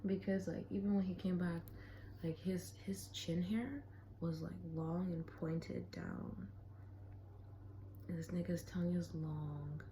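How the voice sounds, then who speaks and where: A young woman recounts a personal story in a loose, candid vlog style. Her voice sits a little low and sounds soft and mellow. She swears freely and now and then drops into a whisper, over a faint background hum. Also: slow pace, poor audio. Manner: candid, profane, animated storytelling with whispered asides. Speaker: vlogger. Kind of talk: casual storytelling.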